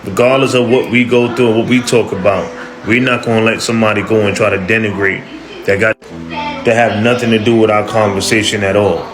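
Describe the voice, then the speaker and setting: A man's voice: fairly low pitch, fairly even intonation, a little fast. A man giving pointed, sarcastic social media commentary. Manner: sarcastic, pointed, calling people out. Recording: loud music behind voice.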